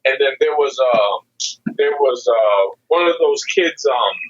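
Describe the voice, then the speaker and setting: A man's voice: medium pitch, lively intonation, slow pace, no room sound. A man calling into a podcast as a guest, telling a story in a rambling, casual way full of fillers, heard over a weak remote connection. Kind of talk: casual chat. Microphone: remote call with a weak signal. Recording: dull lo-fi call line.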